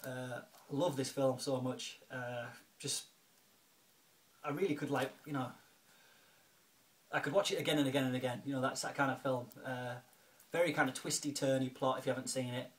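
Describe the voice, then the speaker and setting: A video blogger who collects films speaks casually at home, thanking a friend in a chatty, grateful way full of ums and restarts. His medium-pitched voice keeps a fairly even intonation at a moderate pace, broken by long pauses.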